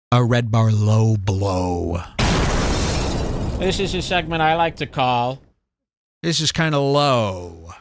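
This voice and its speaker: A man hosting a crude comedic commentary show, mocking and animated, reading chat aloud. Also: fairly high pitch. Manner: mocking, animated, puts on silly voices. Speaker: show host.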